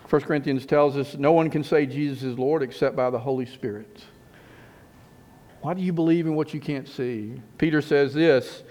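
A man preaching a sermon as pastor, emphatic, repeating phrases and slowing down on key words. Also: mid-range voice, darkish tone.

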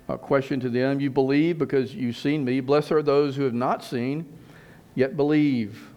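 A man preaching a sermon as pastor, emphatic, repeating phrases and slowing down on key words. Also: mid-range voice, darkish tone.

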